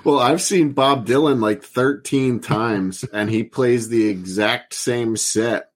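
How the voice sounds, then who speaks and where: A man co-hosting a podcast, chatting casually in a relaxed way and laughing easily. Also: mid-range voice, takes it slowly. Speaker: podcast co-host. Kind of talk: casual chat.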